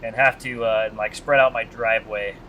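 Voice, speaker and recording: Bright-voiced chatty male game streamer. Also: on the low side, steady tone, moderate pace, a little hiss or hum. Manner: chatty, joking, reads chat aloud. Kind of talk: casual live-stream chat.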